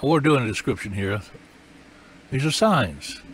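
A man's voice: medium pitch, expressive, a little slow, slight background noise. A man preaching a sermon, emphatic and repetitive, his voice rising and falling with feeling.

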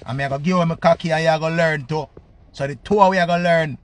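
A man with a Jamaican accent in a loud, profane, repetitive rant giving relationship advice. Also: on the high side, fairly even intonation, fast, slight background noise. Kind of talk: ranting monologue.

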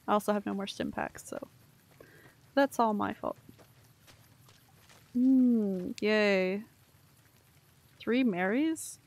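A young woman with a gravelly, fry-edged voice chats her way through a game stream. She rambles loosely, swears casually and laughs at her own mistakes. Her pitch sits in an ordinary middle range. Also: slow pace, long pauses, darkish tone. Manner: chatty, rambling, swears casually, self-mocking. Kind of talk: casual gameplay commentary.

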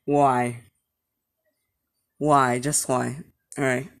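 A man's voice: medium pitch, flat delivery, extremely slow. A young man giving let's play commentary, jumpy and swearing, with panicky outbursts. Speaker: gaming YouTuber. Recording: gameplay commentary over loud game music.

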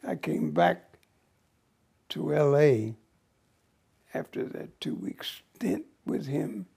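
An older American man, an actor, telling stories from his career in an interview with a slow, halting, husky delivery. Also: fairly high pitch, animated, dark tone. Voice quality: gravelly, husky. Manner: slow, halting, breathy at times. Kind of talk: reflective storytelling.

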